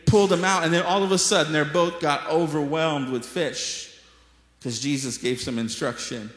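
A man's voice: fairly high pitch, moderate pace. A man preaching a sermon to a congregation, telling stories playfully and acting out the voices of the people in them. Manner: lively storytelling preacher, acts out voices, jokes with the congregation. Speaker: pastor. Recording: echoey hall with long reverb.

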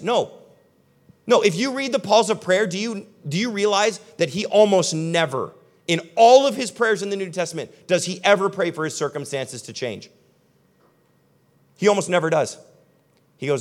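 A young man preaching a sermon as pastor, talking animatedly and conversationally, then dropping to soft, earnest tones. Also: high-pitched, animated, moderate pace. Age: young adult.

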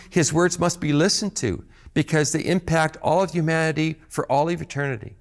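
A man's voice: on the high side, fairly even intonation, a little fast. A man preaching a sermon as pastor, earnest and emphatic, often repeating words as he restarts phrases.

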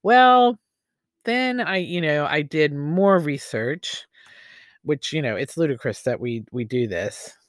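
A man's voice: fairly high pitch, expressive, slow pace, fairly bright tone, no room sound, clean studio sound. A man hosting a podcast, talking in a rambling, opinionated way with many fillers and restarts. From United States. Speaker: podcast host. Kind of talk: casual opinion monologue.

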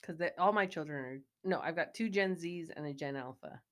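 A woman in her forties with a Midwestern accent, co-hosting a podcast in casual chat, playful and quick to laugh. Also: low voice. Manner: laughs often, animated and playful. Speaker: podcast co-host. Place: recorded in Wichita, Kansas.

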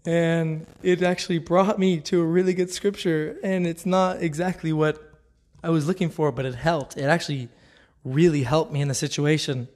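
A man's voice: on the high side, fairly even intonation, normal speed, darkish tone. A man giving a casual devotional talk, earnest and conversational, often laughing. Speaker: Christian speaker.

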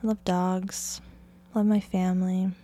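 A woman's voice: on the low side, flat delivery, measured pace, dark tone. A young woman from Oregon hosting her own podcast in a casual solo chat. She rambles in a chatty way, leaning on "like" with bits of light laughter. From Oregon, United States. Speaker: podcast host.

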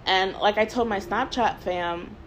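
A woman's voice: mid-range voice, a little slow, slight background noise, low-quality recording. A woman in her twenties hosting a podcast, telling a long story in casual chat, rambling with lots of "like" and laughing between thoughts. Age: 20s. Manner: rambling storyteller, heavy use of "like". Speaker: podcast host.

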